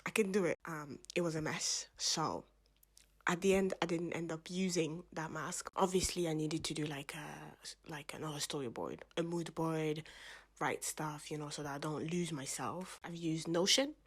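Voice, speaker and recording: A chatty young woman talks to her camera in a relaxed vlog, with a voice pitched a little low. She rambles, laughs at herself, and slips into soft half-whispered asides before bouncing back up. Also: moderate pace, husky. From family from Gambia, French-speaking background. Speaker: vlogger. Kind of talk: casual chat to camera.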